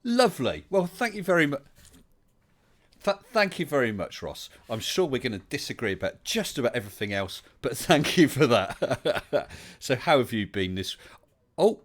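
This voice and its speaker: A man's voice: medium pitch, very animated, moderate pace, pauses often. A man with an English West Country accent hosting a casual livestream chat, chatty and welcoming, with many fillers. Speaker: livestream host.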